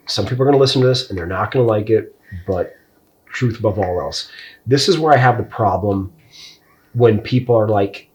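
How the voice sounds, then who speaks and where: A man's voice: fairly low pitch, animated, fairly quick, a little hiss or hum. A man talking bluntly and profanely in a casual podcast conversation, wandering off topic. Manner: tangential, loses his thread. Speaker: podcast co-host.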